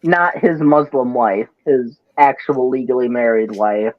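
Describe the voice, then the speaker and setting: A man's voice: medium pitch, unhurried, lo-fi sound. A man from Wisconsin with a Wisconsin accent, ranting in casual, profane chat.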